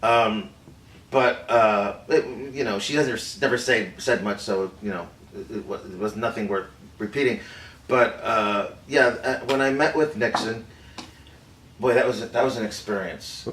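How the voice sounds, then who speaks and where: An actor playing a famous film director in a staged interview, halting and hesitant with many fillers. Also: male voice, lowish voice, a bit bright. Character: man playing a famed film director recounting secrets. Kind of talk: improvised interview acting. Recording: roomy echo from a distant mic with faint noise.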